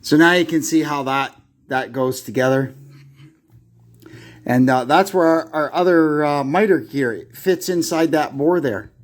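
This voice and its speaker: A man casually explaining a brake lathe repair step by step as he works in his garage, thinking aloud with fillers, recorded on a phone nearby. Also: on the high side. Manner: thinks aloud, halting with fillers while working. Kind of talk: casual workshop how-to narration. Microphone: phone camera propped nearby.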